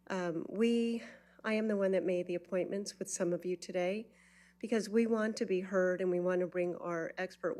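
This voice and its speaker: A woman's voice: lowish voice, darkish tone. A woman out of breath giving an earnest, urgent public comment at a county meeting. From Florida, USA.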